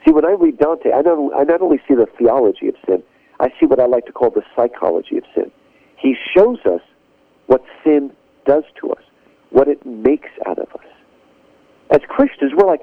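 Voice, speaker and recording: A man talks as a radio guest over a narrow, phone-like line that sounds close and dry. His pitch leaps and falls with lively, emphatic stresses as he explains at length. The manner is earnest and lecturing. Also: moderate pace, gravelly, no room sound. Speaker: guest speaker. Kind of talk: radio interview, lecturing on literature and theology.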